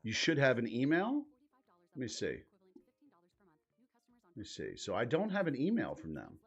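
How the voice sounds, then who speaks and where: A man's voice: medium pitch, huge pitch swings, normal speed, creaky, slightly rough, dull audio. A man hosting a live stream in casual commentary, exasperated and swearing, muttering to himself as he searches his screen. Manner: profane, exasperated, thinking aloud while clicking around.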